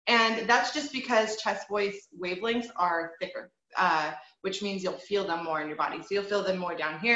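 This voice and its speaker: A woman's voice: medium pitch, normal speed, few pauses, bright, forceful tone. A woman teaching an online group voice lesson, encouraging her students and demonstrating sounds as she explains. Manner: encouraging, demonstrative, models owl hoots and bird sounds. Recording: echoey, dull lo-fi call audio.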